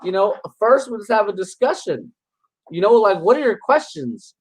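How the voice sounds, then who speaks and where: A man's voice: high voice, big pitch swings, moderate pace, husky, rough recording. A man giving casual reaction commentary on religious videos, combative and mocking, rambling with scoffing laughs. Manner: rambling with frequent restarts.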